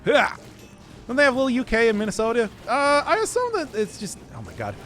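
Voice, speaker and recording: A man's voice: very high-pitched, wildly swooping pitch, brisk, fairly bright tone, soft background music. A man streaming a game, giving casual commentary full of giggly, self-deprecating banter with his chat.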